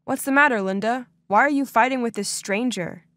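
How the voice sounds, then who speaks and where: A woman voicing a gentle, emotional middle-aged father in an animated story. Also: fairly high pitch, a little fast, no room sound, lightly acted. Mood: concerned.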